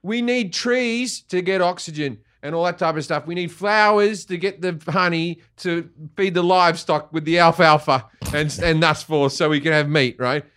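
A man's voice: on the high side, normal speed, hardly any pauses, fairly bright tone, clean tone. A man hosting a comedy podcast, riffing and swearing in casual chat. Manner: profane, riffing, laughing.

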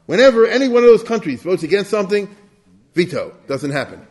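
A man's voice: high-pitched, sing-song, a little fast, darkish tone, breathy edge. A man giving an informal history lecture, telling it as a story, acting out quotes and dropping in Yiddish and Hebrew terms. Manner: storytelling, acts out quotes, asks the listeners "you get it?".

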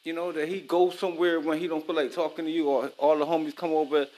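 A man's voice: on the high side, level tone, fast talker, darkish tone. A married man talks to viewers in loose, profane casual chat while he cooks. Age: adult, married. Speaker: vlogger.

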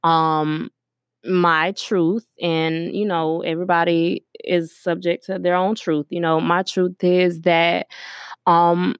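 On her solo podcast, recorded at her workplace store, a young woman speaks slowly and thoughtfully, earnest and full of ums and you-knows. Her voice sits on the low side with little pitch movement and a clear, resonant tone. There's no room sound, and the quality is studio-grade.

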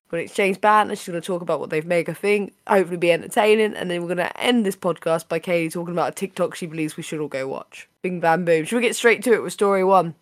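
Chatty woman podcast host, slightly raspy. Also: fairly low pitch, quick pace, few pauses, no room sound, studio quality. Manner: chatty, playful, laughs often. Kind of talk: casual podcast chat.

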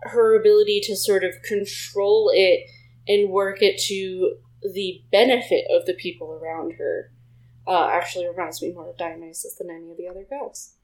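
A woman's voice: on the low side, fairly even intonation, moderate pace, a little mellow, rough recording. A young woman co-hosting a casual chat, thoughtful and explaining her reasons at length.

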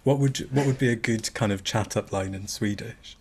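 A man's voice: on the low side, moderate pace, slightly rough. A man hosting a casual chat, asking playful, teasing questions. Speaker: host.

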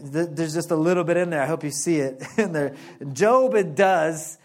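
Pastor, male, slightly high voice, relaxed sermon, jokey and animated, laughs between lines. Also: moderate pace. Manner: playful and animated, laughing often, slangy asides. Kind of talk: casual, conversational sermon.

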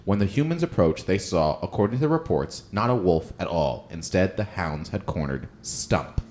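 Man, podcast host, animated, joking, lively pitch. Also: normal speed. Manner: animated, joking, swears often. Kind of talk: casual chat, telling a story.

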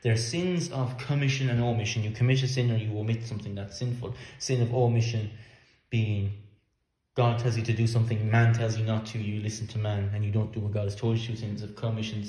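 A man's voice: on the low side, fairly even intonation, fairly quick, mellow. A man preaching a sermon in an earnest, emphatic way, sometimes repeating words as he works through a point. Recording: echoey room.

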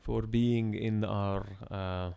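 A man voicing an earnest young male Jordanian interviewer with an Arabic accent and a formal, halting way of speaking. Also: fairly low pitch, fairly even intonation, vocal fry, warm tone, smooth.

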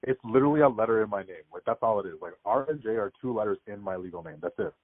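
A young man chatting casually as a podcast guest, telling stories quickly and filling his talk with "like". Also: fairly low pitch, animated, no echo. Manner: rapid storytelling, frequent "like" fillers. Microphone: remote call. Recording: tinny phone-like call audio.

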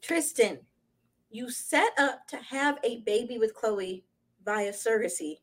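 A young woman co-hosting a podcast, chatting casually about celebrity gossip in an animated, slangy way and laughing often. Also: fairly high pitch, measured pace. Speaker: podcast co-host.

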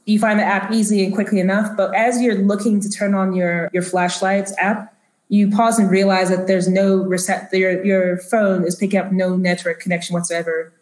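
A woman's voice: mid-range voice, level tone, moderate pace, darkish tone. A woman narrating a tabletop role-playing game as game master, with a loose, descriptive manner full of fillers. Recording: roomy echo.

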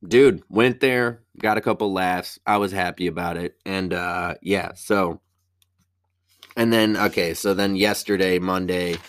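A man's voice: deep voice, fairly even intonation, measured pace, no room sound, studio quality. A young man, a stand-up comic, telling a profane story in casual chat. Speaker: stand-up comedian.

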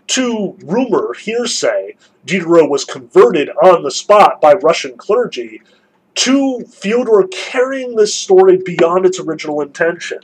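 A man's voice: high-pitched, a little hiss or hum, poor audio. A man lecturing analytically and emphatically on a novel. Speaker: literature lecturer.

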